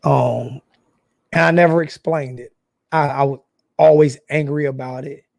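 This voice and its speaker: A young man in an emotional, apologetic vlog monologue who talks haltingly, with many restarts and repeated phrases. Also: mid-range voice, steady tone, gravelly, darkish tone, no room sound. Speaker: sports fan YouTuber.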